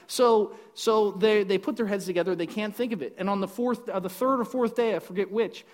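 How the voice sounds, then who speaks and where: A man retelling a Bible story in a casual, animated way, acting out the characters and tossing in joking asides. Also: sits high. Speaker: Bible teacher.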